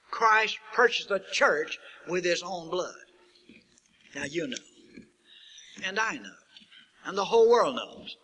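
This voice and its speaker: A man preaching a sermon who builds to emphatic peaks and asks rhetorical questions, stretching out key words slowly. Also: sits high, sharp tone, low-quality recording. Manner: slow drawn-out stresses on key words.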